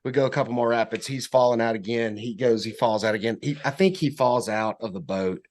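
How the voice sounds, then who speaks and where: A young man, a podcast guest telling a story in casual chat, animated and acting out quotes. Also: brisk. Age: young adult. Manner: animated storyteller, acts out quotes in high voices.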